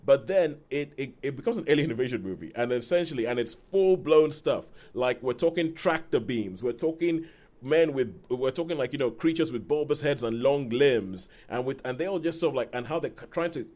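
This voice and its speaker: A man co-hosting a film podcast, chatting casually with rambling restarts and quick laughs. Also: medium pitch, animated, a little mellow. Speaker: podcast co-host. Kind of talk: casual film review chat.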